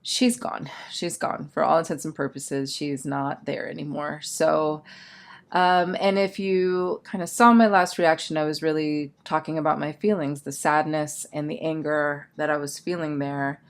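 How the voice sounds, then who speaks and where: A woman's voice: deep voice, steady tone, moderate pace. A woman talking as a change management coach in a candid, self-reflective personal vlog, thinking aloud.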